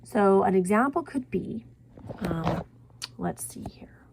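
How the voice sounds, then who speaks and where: A woman's voice: medium pitch, expressive, slow pace, gravelly, noisy background. A woman teaching a writing class, chatty and self-correcting, sometimes dropping to a whisper for her examples.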